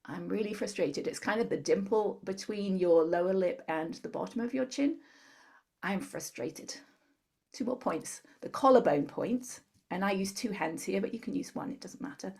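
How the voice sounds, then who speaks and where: Interview guest, woman, husky mid voice, patient instructor explaining method. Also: medium pitch, moderate pace, few pauses. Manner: calm step-by-step instructor. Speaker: guest, tapping therapy practitioner.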